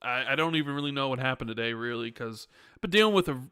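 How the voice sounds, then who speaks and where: A man's voice: mid-range voice, expressive, quick pace, bright, forceful tone, clean tone, no echo, clean studio sound. A man co-hosting a casual podcast, rambling loosely with lots of fillers, talking through a sore back. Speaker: podcast co-host.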